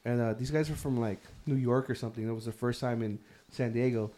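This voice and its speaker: A man's voice: mid-range voice, steady tone, fast talker, warm tone. A young man in casual chat with friends, telling a rambling, profanity-filled story and laughing as he goes. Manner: rambling, swears a lot, laughs through his story.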